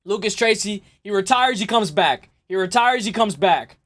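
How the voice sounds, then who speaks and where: A man hosting a live stream, chatting casually and excitably with his viewers and laughing often. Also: high-pitched, normal speed. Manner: excitable, laughs often, talks straight to chat. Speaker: livestream host.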